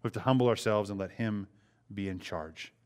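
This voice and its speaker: A man's voice: lowish voice, brisk, smooth. A man preaching a sermon in a conversational way, asking the congregation rhetorical questions and acting out short quotes. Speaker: pastor.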